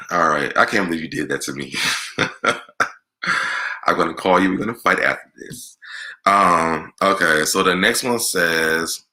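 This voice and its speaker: A man with a very deep voice and a strikingly bright, sharp edge hosts a casual Q&A vlog, answering viewer questions in a candid, chatty way. He speaks a little slowly and pauses often, keeping his delivery loose and conversational throughout.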